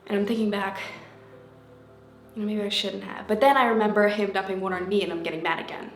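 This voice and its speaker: A woman vlogger telling a personal story to camera in a casual, animated way, acting out what was said. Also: mid-range voice, fast. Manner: animated, acts out quotes in changing voices. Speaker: vlogger and life coach. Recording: echoey room with faint background music.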